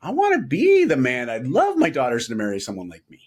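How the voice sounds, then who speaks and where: A middle-aged man telling a personal story as a podcast guest, animated, laughing often and acting out quoted dialogue. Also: medium pitch, brisk. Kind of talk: storytelling in a casual interview.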